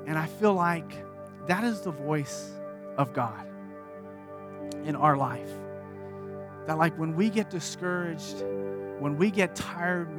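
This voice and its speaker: Earnest pastor preaching over soft music. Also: male voice, a little high. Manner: earnest, shifting from hushed to animated storytelling. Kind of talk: sermon.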